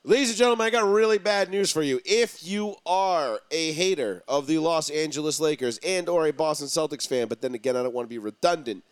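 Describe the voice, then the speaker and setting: A man hosting a casual sports talk show, arguing his points emphatically with drawn-out pauses. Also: fairly high pitch, smooth, no room sound. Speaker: podcast host.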